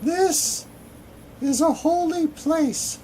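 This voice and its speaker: Give me a man in high falsetto as a solemn wood elf maiden. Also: drawn-out words, warm tone, slight background noise, full character voice, low-quality recording. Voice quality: strained falsetto. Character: solemn young female wood elf guardian.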